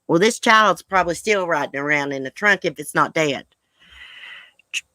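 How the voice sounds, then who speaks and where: A woman's voice: low voice, animated, brisk, fairly bright tone, no room sound. A woman hosting a casual live chat with viewers, blunt and profane. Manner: blunt, angry and profane, then chatty. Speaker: livestream host.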